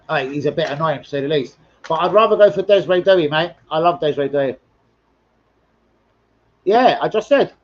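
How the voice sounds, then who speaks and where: A man hosting a football live stream, talking a touch higher than most men in a loose, rambling way, with plenty of swearing and banter aimed at his viewers. He is speaking into a streaming mic, and the sound comes through slightly dull, as if the top end were trimmed off. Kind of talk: casual football live stream chat, reading comments.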